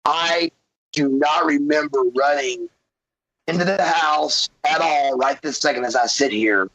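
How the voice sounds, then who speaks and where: A man's voice: a little high, a little slow, no echo, poor audio. A man from Georgia, a podcast guest telling a profane story and acting out what people said. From Georgia, USA. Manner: animated, swearing, acts out quotes. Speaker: podcast guest, former pro wrestler.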